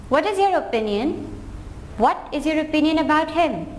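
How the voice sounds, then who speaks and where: A woman teaching English, reading example questions and answers aloud slowly and carefully, one sentence at a time. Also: high voice, expressive. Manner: slow, careful drill reading. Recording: echoey room with faint ambient noise.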